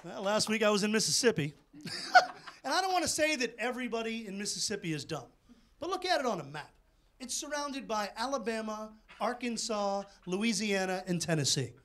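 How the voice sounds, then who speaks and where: Brash fast-talking comedian, high voice. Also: male voice, sing-song, fairly bright tone. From Boston, USA. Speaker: stand-up comedian. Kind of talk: stand-up comedy set. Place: TV studio stage with live audience.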